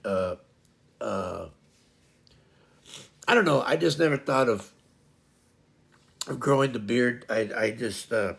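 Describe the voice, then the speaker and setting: A man's voice: medium pitch, vocal fry. A middle-aged man hosting a casual livestream chat, rambling and stumbling over repeated words. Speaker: livestream host.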